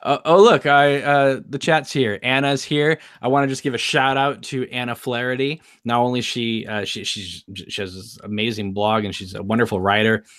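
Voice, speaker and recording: A man co-hosting a live streamed chat show, his voice sitting at an ordinary middle pitch. He talks casually and loosely, laughing a lot and restarting his sentences as he goes. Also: fairly even intonation, moderate pace, few pauses, fairly bright tone. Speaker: podcast co-host.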